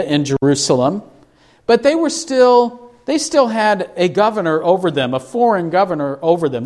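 A man preaching an expository sermon, reading scripture slowly for emphasis and asking the congregation rhetorical questions. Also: high-pitched, darkish tone. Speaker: pastor.

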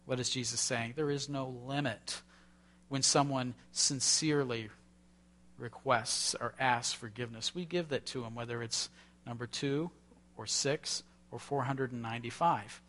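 A pastor giving a sermon before communion, talking conversationally, asking rhetorical questions and restarting phrases. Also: male voice, mid-range voice, a little slow, fairly bright tone.

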